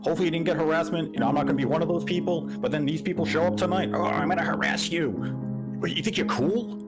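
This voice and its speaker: A man's voice: on the high side, very fast. A man streaming live, ranting scornfully and insulting his viewers. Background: loud music.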